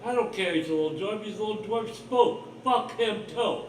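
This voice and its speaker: On his own livestream, a high-pitched man rambles at a moderate pace through a blunt, profanity-laced, suspicious monologue. The mic is distant and off his voice, picking up roomy echo, faint ambience, and a little hiss or hum.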